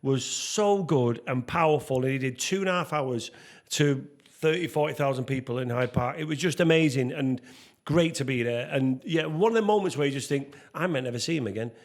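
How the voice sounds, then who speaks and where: A middle-aged man co-hosting a podcast, enthusiastic in casual chat, exclaiming and gasping as he reacts. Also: fairly quick. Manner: enthusiastic, exclaims and gasps, swinging pitch. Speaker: podcast co-host.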